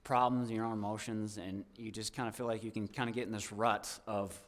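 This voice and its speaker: A man's voice: lowish voice, fairly even intonation, a little fast. A young man giving an informal, heartfelt testimony to a church congregation as a guest speaker, rambling with many restarts.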